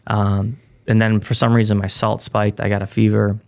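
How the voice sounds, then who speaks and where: A man with a low, gravelly voice tells a personal story in a relaxed, conversational way. He is a podcast guest and keeps slipping into the voices of the people he quotes, which keeps the telling lively. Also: normal speed. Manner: animated, acts out quoted people. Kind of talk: casual storytelling.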